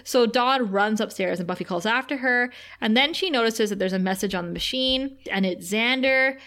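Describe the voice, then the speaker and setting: Chatty woman recapping with animated retelling. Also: a little high, normal speed. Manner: animated retelling, quoting characters in put-on voices. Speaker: podcast co-host. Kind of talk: casual recap chat.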